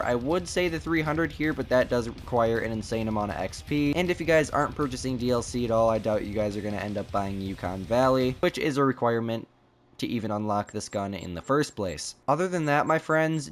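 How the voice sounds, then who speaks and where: A man's voice: mid-range voice, slight background noise. A man narrating a gameplay tutorial as a YouTuber, chatty and talking straight to his viewers. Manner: chatty, keeps addressing viewers as "you guys". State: tired after a long filming day. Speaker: gaming YouTuber.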